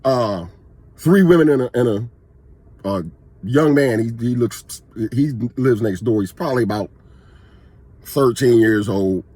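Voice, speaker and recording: A man with a husky, slightly rough voice tells a personal story straight to the camera. His delivery is casual and emphatic, with plenty of restarts. The sound is dry and close, with no room echo. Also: medium pitch, measured pace, pauses often, dark tone. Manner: conversational and emphatic, with frequent restarts. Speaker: vlogger telling a personal story.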